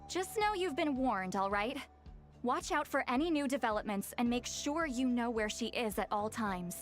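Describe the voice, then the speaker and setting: A woman's voice: fairly high pitch, animated, normal speed, faint music behind, natural voice. An actress voicing a wry young female mage in a video game, dry and teasing.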